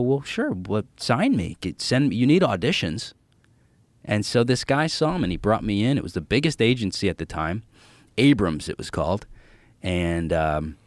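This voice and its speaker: Low-voiced, animated male comedian. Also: no echo. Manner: animated, profane, acts out quoted voices. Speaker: comedian guest. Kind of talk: casual podcast storytelling.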